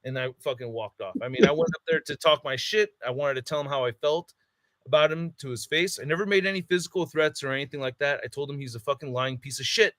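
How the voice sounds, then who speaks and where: A man's voice: mid-range voice, fast, a bit bright, no room sound, clean studio sound. A man on a podcast, telling a heated story in casual chat, swearing a lot and acting out what people said. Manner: heated storytelling, heavy swearing, acts out quotes. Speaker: podcast co-host.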